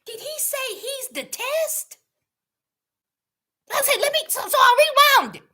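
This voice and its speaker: A woman's voice: very high-pitched, very animated, a little slow, pushed and bright. A woman giving a sassy, teasing reaction commentary on a reality show. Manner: sassy, drawling, teasing asides.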